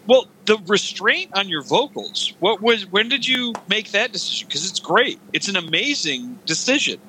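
High-voiced guy on a podcast, super lively, swears a lot, bright tone, bit of noise. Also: moderate pace, low-quality recording. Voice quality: animated, swearing, mimicking. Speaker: podcast co-host. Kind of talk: casual chat.

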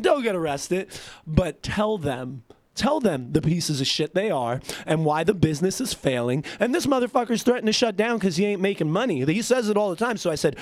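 A man with a high-pitched voice tells a story in a heated, profane, animated rant. His delivery is quick and punchy, with a dry, close sound and no room echo.

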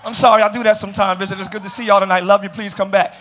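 A pastor preaching a sermon to his congregation, calling out questions to the crowd and building from calm teaching to shouted, half-sung passages. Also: high voice, rapid-fire, hardly any pauses. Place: large church.

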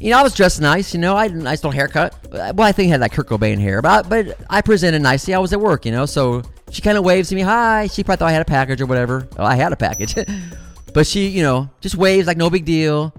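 A middle-aged man telling a story in a casual, animated way, swearing freely and calling his listeners guys. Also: on the high side, fast, soft background music.

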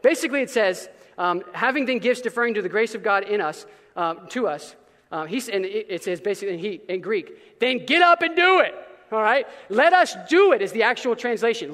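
A male pastor preaching a sermon in an energetic, casual way with slang, now and then breaking into shouts. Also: sits high, big-room sound.

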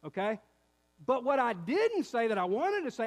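A pastor in his fifties preaches to his church, telling a story with lively acted-out quotes. His man's voice sits notably high. The sound carries the long reverb of a church sanctuary. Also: moderate pace. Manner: animated storytelling, acts out quotes. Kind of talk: sermon with personal story.

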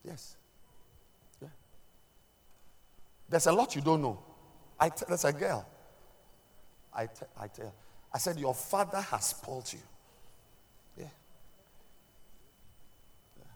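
A middle-aged woman preaching a sermon, swinging between loud shouted emphasis and quiet, low asides. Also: very animated, unhurried, pauses often. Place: large church hall. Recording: echoey hall with long reverb.

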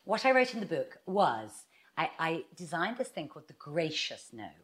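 The author, appearing as a guest, shares advice with a lively, sing-song quality in a slightly low voice. Her relaxed, friendly interview talk is sprinkled with brief quoted exchanges she performs as she explains.

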